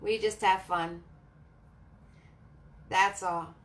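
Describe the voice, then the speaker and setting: A woman hosting a live painting class, chatting warmly with viewers, laughing often and talking through each brushstroke. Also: medium pitch, fairly even intonation, extremely slow. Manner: friendly, laughs often, narrates each step. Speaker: paint party host and art instructor.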